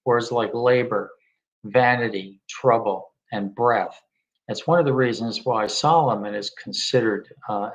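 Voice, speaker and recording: Guy talking through a bible study, relaxed, lots of ums and uhs, mid pitch. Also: poor audio. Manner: unhurried, many ums and uhs. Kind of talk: casual Bible study talk.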